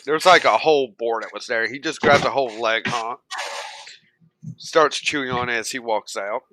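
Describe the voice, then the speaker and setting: A man running a tabletop game as game master, in relaxed, chuckling narration. His voice is very bright and lively in pitch, and he talks slowly. The sound is dry and close. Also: no echo, poor audio.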